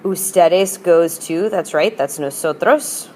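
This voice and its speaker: A woman teacher explains grammar with patient, upbeat energy and models example phrases. Her voice sits a little low. A faint hiss runs under the recording. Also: takes it slowly, dark tone. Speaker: Spanish teacher. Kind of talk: recorded classroom lesson.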